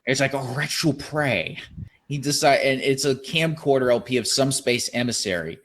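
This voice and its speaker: A man's voice: medium pitch, brisk. A young man hosting a podcast, recounting internet stories in a casual comedic way. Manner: storytelling, often slipping into quoted impressions. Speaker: podcast host.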